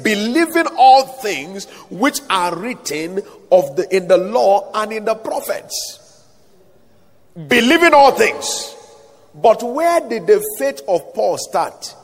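Husky preacher with a lively, high voice. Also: male voice. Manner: emphatic preaching with call-and-response. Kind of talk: sermon. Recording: echoey hall, voice at times off-mic.

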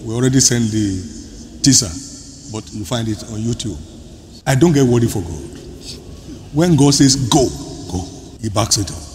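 A man preaching a sermon as pastor, emphatic, with sudden loud bursts and soft drops. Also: medium pitch, expressive, normal speed, long pauses. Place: large church hall. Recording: large hall, reverberant, faint room noise.

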